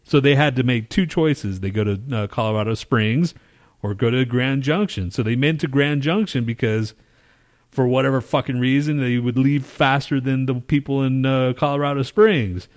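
A man in an ordinary middle pitch tells a long story on a casual podcast. He rambles, swears freely and acts out his own outbursts as he goes. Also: moderate pace. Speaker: podcast co-host.

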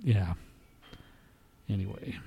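Male podcast co-host, profane, squeamish, shrill when objecting. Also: animated, slow pace, gravelly, dark tone, husky. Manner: swears a lot, squeamish, pitch jumps high when protesting. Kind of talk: casual podcast banter.

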